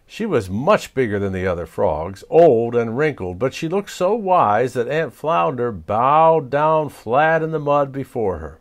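A man reading a children's storybook aloud as storyteller, expressive and chuckling. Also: medium pitch.

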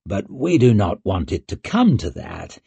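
A man voicing a smooth, scheming male nobleman who talks in a persuasive, calculating way. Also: fairly low pitch, wildly swooping pitch, unhurried, warm tone, no echo, full character voice.

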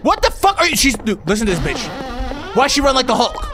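High, lively man yelling through a horror game. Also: a little fast, music in the background. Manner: profane, yelling and panicking, reading on-screen text aloud. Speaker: gaming YouTuber. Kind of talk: horror game let's play commentary.

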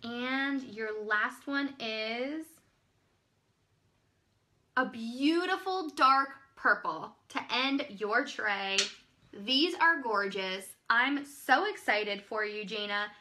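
Gushing, excitable woman host. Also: fairly high pitch, drawn-out words. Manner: gushing, excitable, exclaims often. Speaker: live-stream pearl seller. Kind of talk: live online sales demo.

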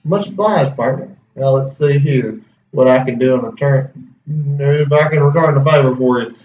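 A man's voice: medium pitch, moderate pace, a little mellow, lightly acted. A man voicing a friendly old-west townsman with a put-on Southern drawl, reading game dialogue. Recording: roomy, distant, dull, faint music.

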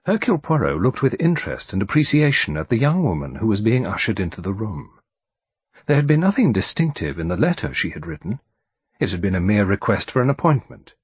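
A man with a British accent, reading a mystery audiobook aloud in a measured, expressive manner. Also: on the low side, slightly rough, dry recording. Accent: British English. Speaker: audiobook narrator. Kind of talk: scripted narration. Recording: dull dry studio recording.

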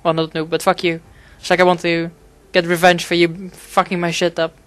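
A man narrating his own gameplay in a loose, rambling way, swearing freely and padding his sentences with fillers. His voice is smooth and clean, but his pitch stays fairly level, with little rise and fall. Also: completely flat delivery, moderate pace. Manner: rambling, profane, frequent fillers. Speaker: gaming commentator. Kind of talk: casual gameplay commentary.

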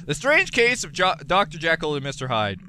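A man giving gameplay commentary as a let's play gamer, excitable, profane and given to rants. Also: on the high side, a little fast, slight background noise.

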